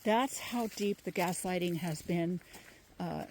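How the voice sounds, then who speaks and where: A woman healer giving emphatic, animated spoken advice while walking outdoors with her dog. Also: fairly low pitch, slow pace, slight background noise. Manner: emphatic, animated, mimics others in quoted voices. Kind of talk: casual spoken advice monologue.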